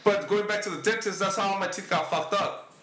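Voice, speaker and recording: A man's voice: high-pitched, steady tone, a little fast, a bit bright, roomy sound, soft background music. A middle-aged man, telling a story on a podcast in casual, profanity-heavy English mixed with Spanish. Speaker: podcast co-host.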